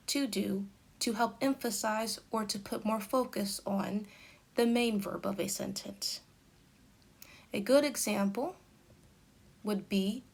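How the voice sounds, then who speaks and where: A woman teaching an English grammar lesson, speaking in a careful, deliberate way and reading out example sentences. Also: medium pitch. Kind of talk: slow explanatory grammar lesson.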